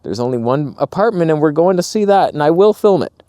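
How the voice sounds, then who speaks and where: A man's voice: on the high side, lively intonation, fairly quick, dark tone, no echo. A man vlogging casually while walking outdoors, rambling through wry, jokey stories. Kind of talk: casual vlog chat. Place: walking outdoors in a small town.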